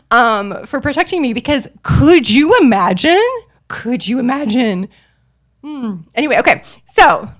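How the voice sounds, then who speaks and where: A woman in her forties hosting a podcast, telling a personal story with self-deprecating humor, laughing often and breaking into bursts of high excitement. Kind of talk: animated storytelling monologue.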